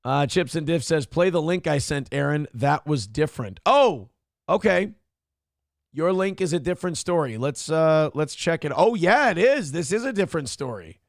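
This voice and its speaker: A man's voice: a little high, lively intonation, normal speed, no room sound, studio quality. A man from Minnesota hosting a morning show, reading live chat aloud and riffing on it with crude, irreverent commentary. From Minnesota, USA.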